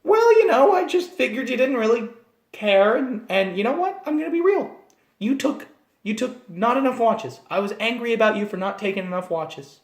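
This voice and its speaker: A man voicing an annoying, high-voiced gnome adventurer who chatters on and sulks. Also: expressive, moderate pace. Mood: petulant. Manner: chirpy, oversharing, petulant. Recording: roomy echo.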